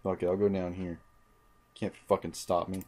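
Low-voiced young man, cursing gameplay commentary. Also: level tone, moderate pace, darkish tone. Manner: frustrated, swears constantly, mutters to himself. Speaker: gaming channel host. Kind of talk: let's play commentary.

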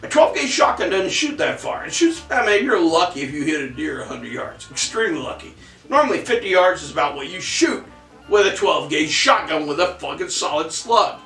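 A man co-hosting a history podcast, telling the story in a casual, profane, animated way. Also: high voice, creaky, far from the mic. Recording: echoey room, off-mic, faint music.

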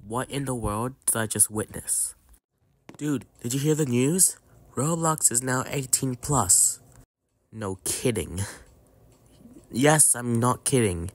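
Young man in an excited game skit. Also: mid-range voice. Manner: exclaiming, rapid reactions of disbelief. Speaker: gaming YouTuber. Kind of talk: Roblox role-play skit voicing several characters.

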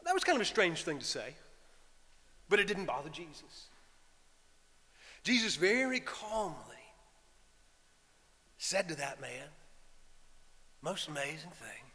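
A man, a priest preaching a sermon, telling the story in a lively way and talking straight to the congregation. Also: fairly high pitch, takes it slowly, long pauses. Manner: animated storytelling with asides to the congregation. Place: church. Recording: long church reverb.

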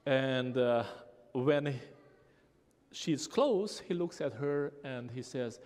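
A man's voice: mid-range voice, takes it slowly, darkish tone, slight background noise. A man preaching a sermon as pastor, telling a story animatedly and acting out the voices of a child and his mother. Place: church sanctuary. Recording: long church reverb.

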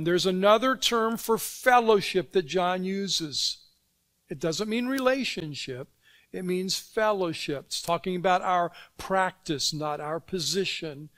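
High-voiced man preaching a sermon. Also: unhurried, a bit bright. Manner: conversational, asks the congregation questions and answers them. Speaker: pastor. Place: church sanctuary.

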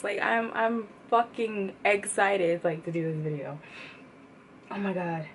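A woman hosting a reaction channel, talking in an excited, casual way. She repeats herself and swears freely. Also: medium pitch, measured pace, slight background noise. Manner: gushing, repetitive and profane. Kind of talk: excited casual vlog talk.

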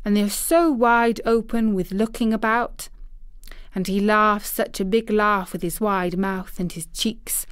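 A woman voicing a stubborn, blunt little girl in a storybook reading, in a slow, dry-sounding delivery. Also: mid-range voice, steady tone, clean tone, dry recording, lightly acted. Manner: blunt, contrary, eager when describing the moor.

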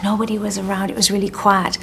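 An older woman being interviewed, reminiscing as a lively storyteller who laughs while she talks. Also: mid-range voice, fast talker, slight background noise.

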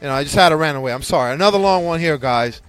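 A man's voice: a little high, expressive, racing, a bit bright, faint music behind. Rambling, foul-mouthed male podcast host. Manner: rambling, profane, restarts often. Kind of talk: casual ranting chat.

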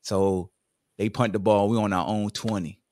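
A man from Virginia, a podcast guest telling football stories in a casual, lively way. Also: fairly low pitch, normal speed, dry recording, studio quality. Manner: lively storyteller who acts out what others said. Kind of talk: casual storytelling interview.

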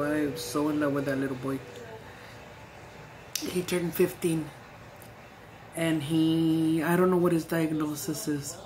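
Middle-aged woman, low-ish voice, profane and giggly, casual eating vlog chat. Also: fairly even intonation, unhurried, long pauses, a little mellow. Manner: salty, profane, giggly storytelling. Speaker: vlogger.

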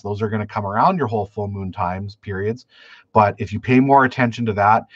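A man's voice: mid-range voice, dry recording, muffled recording. Chatty man hosting a fishing live stream. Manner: rambling storytelling with restarts, answers chat questions. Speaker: fishing channel host. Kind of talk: live stream chat, reading viewer comments.

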